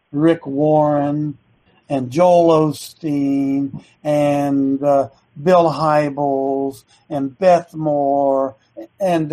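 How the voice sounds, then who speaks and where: A man hosting a talk show as a coach, preaching opinions with rapid rhetorical questions and frequent restarts. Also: fairly high pitch, mellow, low-quality recording. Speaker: host and coach.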